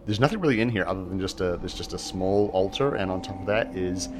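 A man narrating as game master for a tabletop game, halting often with fillers and restarts. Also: sits low, music in the background. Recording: steady background hiss.

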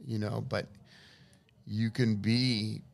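A middle-aged man from Los Angeles, a guest telling lively, profane stories about his father in casual chat. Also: lowish voice, slow, gravelly. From Los Angeles, USA. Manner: profane, lively anecdotal storyteller. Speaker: interview guest. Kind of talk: casual storytelling.

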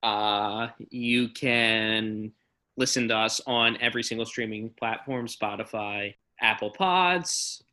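Ranting young man on a podcast. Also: medium pitch. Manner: ranting, profane, animated. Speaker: podcast host. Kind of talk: casual podcast chat.

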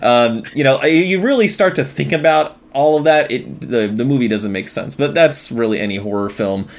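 A man in his thirties co-hosting a casual movie review chat, talking animatedly and slipping into loud mocking impressions. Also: mid-range voice, normal speed. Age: 30s. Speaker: podcast co-host.

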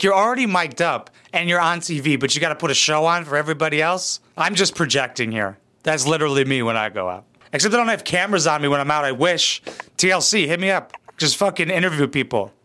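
A man's voice: fairly high pitch, lively intonation, a little fast, pushed and bright. A man giving crude, sarcastic reaction commentary as a YouTuber, blunt and full of swearing.

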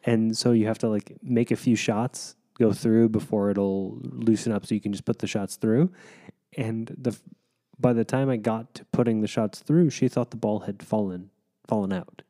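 A man in his thirties chatting casually as a podcast co-host, earnest and halting, with frequent fillers. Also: fairly low pitch, fairly even intonation, warm tone. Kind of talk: casual chat.

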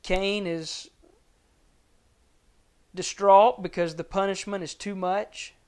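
Preaching earnestly and at a measured pace, a man reads scripture and explains it in a clean tone. On serious points his voice falls soft and low.

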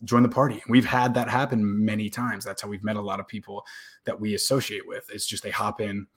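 A man's voice: on the low side, little pitch movement, a little fast, husky. A young man vlogging to camera in a casual, rambling way, often repeating words and swearing now and then.

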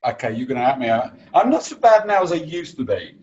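A man's voice: mid-range voice, big pitch swings, fast talker, a little mellow, muffled recording. A man hosting a podcast interview, chatty and anecdotal, who laughs easily. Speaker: podcast host.

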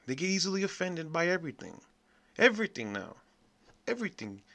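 A man hosting a podcast, delivering a profane, blunt, animated rant in a casual monologue. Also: fairly high pitch, fairly quick. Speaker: podcast host.

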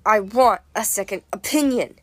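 A woman's voice: medium pitch, moderate pace, no room sound, lightly acted. A woman voicing an irritable, commanding teenage boy in an audiobook. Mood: curt. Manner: curt, commanding.

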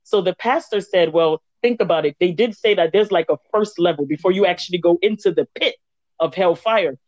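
A woman chats on a faith podcast and tells a story, lively and acting out the quoted lines. The sound is muffled and lo-fi. The room is dry and close. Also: lowish voice, fairly quick, no room sound. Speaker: podcast co-host. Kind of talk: casual faith chat. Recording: dull lo-fi dry recording.

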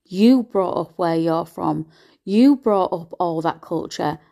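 A woman in a blunt, profane, scornful rant to camera, her pitch leaping as she gets worked up. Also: slow pace, gravelly. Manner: animated, with sudden pitch jumps. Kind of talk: ranting monologue to camera.

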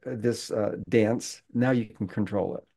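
A man's voice: on the low side, unhurried, vocal fry, breathy edge. A middle-aged man in casual conversation, telling stories and acting out the people in them. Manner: storytelling, animated retelling with quoted voices.

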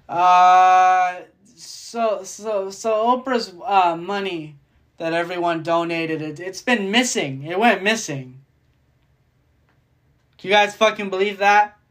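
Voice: medium pitch, fairly bright tone. A podcast host delivering a casual solo rant, profane and rambling, jumping between thoughts.

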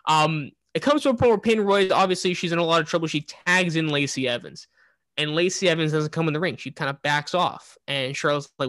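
A man with a slightly raised voice chats excitedly about a wrestling segment, his sentences speeding up as he goes. He laughs easily and keeps handing the floor to his co-host. The sound is close and dry. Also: a little high, a little slow, no echo. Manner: excited, breaks into laughs, asks co-host's opinion. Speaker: podcast co-host. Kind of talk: casual wrestling chat.

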